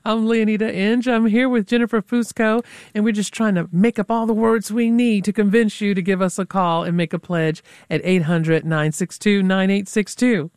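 A woman's voice: medium pitch, fairly even intonation, moderate pace, hardly any pauses, a little mellow, clean tone, no room sound, clean studio sound. A woman hosting a live public radio pledge drive in a friendly, chatty way.

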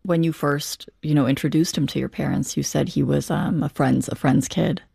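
A woman hosting an interview, asking her guest gentle, halting questions. Her voice is gravelly and mellow, pitched a little low. The sound is dry and close. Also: steady tone, no room sound.

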